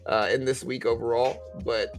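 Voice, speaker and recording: Faint music plays behind a man's medium-pitched voice, fairly even in intonation and moderately paced, as he live-streams trading commentary. His talk to viewers is rambling, conversational, and packed with fillers.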